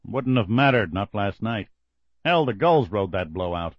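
A man playing a gruff, tired Coast Guard petty officer with a growling, blunt delivery. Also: on the low side, lively intonation, measured pace, no echo, highs cut off.

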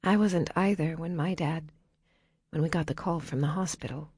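A woman voicing a gentle, comforting young woman who speaks in a soft, hushed half-whisper. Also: low voice, normal speed, breathy edge, no echo, studio quality. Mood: tender, hushed.

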